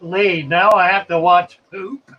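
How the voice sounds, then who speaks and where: Reading out viewer comments on a laid-back live stream, a man speaks slowly in a somewhat high voice, musing aloud between them in an unhurried, chatty manner. There's a faint hiss behind the slightly dull audio.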